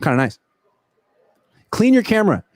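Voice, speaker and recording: A sports reporter and host jokes animatedly on a livestream from a football stadium, chatting casually as he answers viewer questions. His voice is high and his pace moderate, picked up by a laptop's built-in camera mic with no room sound.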